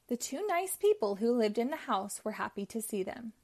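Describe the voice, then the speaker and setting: A woman reading a children's storybook aloud, telling it clearly and expressively. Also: fairly high pitch, big pitch swings, normal speed, dark tone. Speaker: storybook reader.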